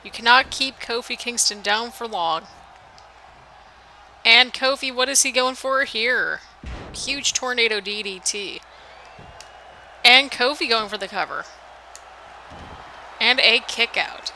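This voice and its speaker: Bright, chatty American woman gamer. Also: fairly high pitch, takes it slowly, long pauses, a little hiss or hum, rough recording. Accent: mixed American, northern, midwestern and southern. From United States. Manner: chatty, rambling play-by-play with excited bursts. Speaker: gaming channel host. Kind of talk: casual video game commentary.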